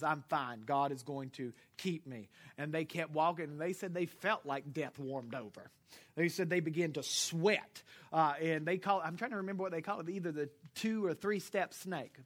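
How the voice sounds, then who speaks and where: A pastor whose voice is a little high speaks briskly while preaching to his congregation at a church service, quizzing listeners and chuckling at his own jokes.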